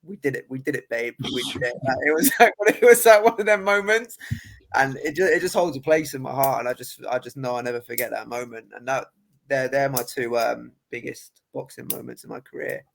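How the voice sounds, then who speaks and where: Young man, boxer on a podcast, chatty, laughs a lot, mid-pitched voice. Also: brisk, creaky. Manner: laughing, storytelling with many restarts. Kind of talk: casual podcast chat.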